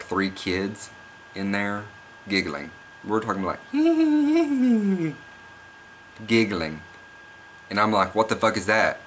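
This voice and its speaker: A young man with a low, bright-edged voice tells a story straight to camera. He rambles and repeats himself, getting more and more excited. A faint hiss sits under the recording. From Oklahoma. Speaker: vlogger. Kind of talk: casual storytelling vlog.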